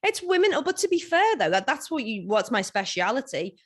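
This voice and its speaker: A woman's voice: high voice, big pitch swings, fairly quick. A woman with a British accent, a wellness coach speaking earnestly as a guest in a casual video-call interview. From United Kingdom.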